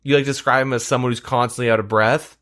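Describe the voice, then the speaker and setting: A man's voice: medium pitch, fairly even intonation, quick pace, a bit bright. A man chatting loosely on a podcast, his sentences wandering and packed with filler words. He swears offhandedly and circles back on himself as he goes. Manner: rambling, filler-heavy, swears casually. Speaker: podcast host. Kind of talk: casual chat.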